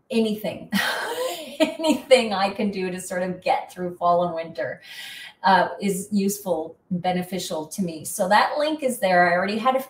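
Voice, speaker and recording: A woman's voice: medium pitch, far from the mic. Chatty woman in an echoey room. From Canada. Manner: chatty, rambling, self-deprecating. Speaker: host. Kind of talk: casual chat.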